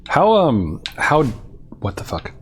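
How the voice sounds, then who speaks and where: A man's voice: a little high, huge pitch swings, slow, slight background noise. A male streamer chatting casually to his viewers, rambling and self-deprecating and laughing at his own jokes.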